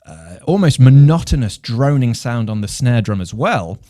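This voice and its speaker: A man, a composer and music teacher from England, giving a measured explanation of rhythm and counting beats aloud. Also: mid-range voice, lively intonation, warm tone, no echo, studio quality. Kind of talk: instructional explanation.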